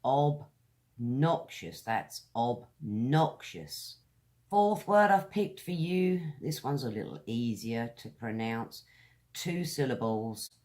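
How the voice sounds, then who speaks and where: A woman with a British accent teaching English pronunciation, drawing out each word slowly and deliberately while talking straight to her viewers in a friendly way. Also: rumbling low, expressive, darkish tone. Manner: slow, deliberate, drawn-out words; friendly direct address to viewers. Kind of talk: pronunciation lesson.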